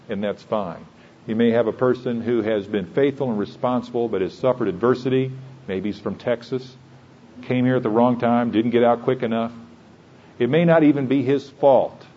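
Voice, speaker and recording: A man's voice: fairly low pitch, dark tone, lo-fi sound, a little hiss or hum. A man preaching a sermon in an earnest, conversational way, building to emphatic points.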